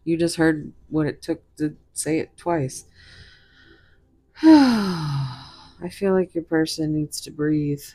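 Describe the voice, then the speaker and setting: A woman with a low, unhurried voice gives a casual tarot reading to her viewers. She rambles from thought to thought and giggles often, speaking straight to the audience. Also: animated, dark tone. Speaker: tarot reader.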